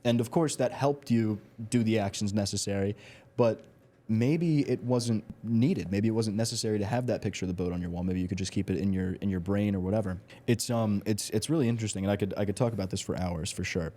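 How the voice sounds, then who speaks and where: Male podcast host, low and warm, relaxed chatty interviewer. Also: brisk. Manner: relaxed, chatty, says "man" often. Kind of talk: casual interview chat.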